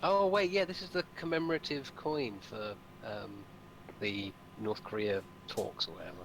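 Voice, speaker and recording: A man's voice: lowish voice, steady tone, moderate pace, noisy background. Dry-voiced man over keyboard clicks. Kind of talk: casual chat on a game stream.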